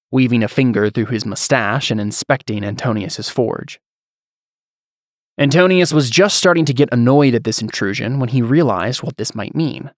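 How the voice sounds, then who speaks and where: A man reading fantasy fiction as narrator, in a measured storyteller's way. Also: mid-range voice, no room sound, clean studio sound.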